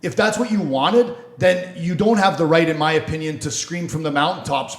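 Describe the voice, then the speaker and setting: Man, lawyer and host, casual sports and law talk, blunt, swears a lot, higher voice, echoey room. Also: moderate pace, few pauses. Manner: blunt, swears freely, mocks people in voices.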